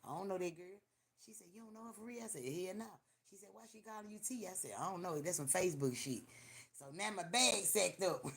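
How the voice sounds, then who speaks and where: A woman hosting a livestream, telling profane, animated stories in casual chat with lots of repetition. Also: on the low side, brisk, gravelly. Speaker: livestream host. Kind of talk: casual storytelling to a live audience.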